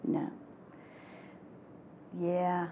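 An older woman presenting a parenting workshop to a live audience, talking in an animated way and acting out the phrases she quotes. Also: fairly low pitch, extremely slow, narrow, tinny audio. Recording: echoey hall with faint noise.

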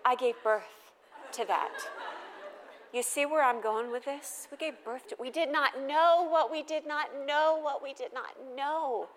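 A middle-aged woman giving a humorous storytelling talk at a faith gathering, lively and conversational, often asking the audience questions. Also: high voice, measured pace, big-room sound, slight background noise.

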